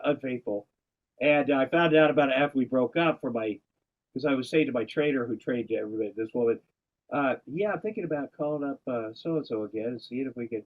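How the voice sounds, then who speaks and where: A man's voice: medium pitch, lo-fi sound. Rambling man hosting a podcast. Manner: rambling, self-interrupting storyteller, swears casually. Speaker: podcast host. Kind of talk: casual chat.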